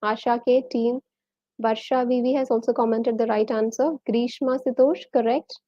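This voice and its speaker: A woman's voice: on the high side, fairly even intonation, normal speed, dark tone, no room sound, highs cut off. A woman with a Malayali accent teaching a live online English lesson, quizzing viewers and reading out their names and answers.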